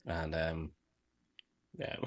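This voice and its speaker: Deep-voiced man joking on a podcast. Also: lively intonation, extremely slow, gravelly. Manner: joking, teasing, rambling. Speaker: podcast co-host. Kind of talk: casual banter.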